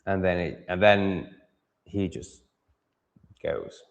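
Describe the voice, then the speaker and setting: A man's voice: low voice, animated, slow, gravelly, lo-fi sound. Rambling Yorkshireman in a reverberant room. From Yorkshire, England. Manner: rambling, self-interrupting, chatty. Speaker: livestream host. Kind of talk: casual livestream monologue.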